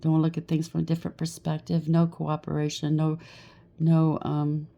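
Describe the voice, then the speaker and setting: A woman talks through a tarot spread in an easy, chatty way, often stopping to ask "okay?" or "right?". Her voice sits low with a gravelly fry. The tone is dark and mellow. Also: completely flat delivery, moderate pace, dull audio. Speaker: tarot reader. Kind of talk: casual tarot card reading.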